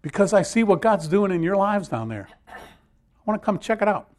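Lively high-voiced male preacher. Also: a little fast. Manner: repetitive, emphatic, jokes with audience. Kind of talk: sermon.

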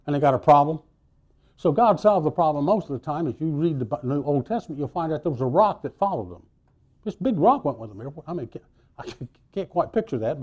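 Male preacher, mellow and slightly high voice, animated storytelling sermon with sudden loud and soft turns.

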